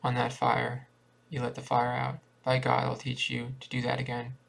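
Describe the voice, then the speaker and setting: A man's voice: medium pitch, monotone, normal speed, creaky, fairly bright tone. A man reading as a raging drunk father. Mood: furious. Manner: barking, threatening. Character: burly, bitter drunk father in a rage.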